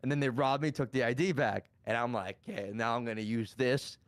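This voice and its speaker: A man's voice: medium pitch, a little fast, dry recording. A man telling a story in a casual chat, rambling with many restarts and casual swearing. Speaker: guest streamer.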